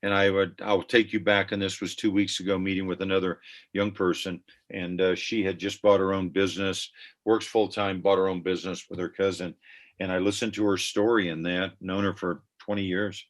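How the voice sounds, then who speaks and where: An older man with a notably low voice talks earnestly as a podcast guest. He is reflective and conversational, drawing on personal stories. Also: level tone, a little fast. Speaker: guest, ministry founder.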